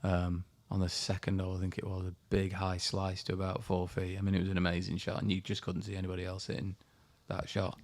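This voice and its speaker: A man, a golfer guest telling lively anecdotes on a podcast. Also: low-pitched, fast talker, hardly any pauses. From England. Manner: animated anecdotes, acts out voices. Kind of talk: storytelling interview.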